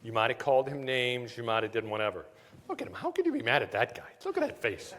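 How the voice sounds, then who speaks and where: Lively-pitched man lecturing in a reverberant hall. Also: fast. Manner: jokey, storytelling, keeps asking "right?". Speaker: tax seminar presenter. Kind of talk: live conference lecture. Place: conference hall.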